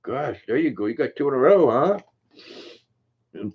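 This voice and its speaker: A man's voice: mid-range voice, big pitch swings, takes it slowly, breathy edge. An older man hosting a casual livestream, chatting easily, reading viewer comments aloud and cooing to his dog. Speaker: livestream host. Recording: tinny phone-like sound.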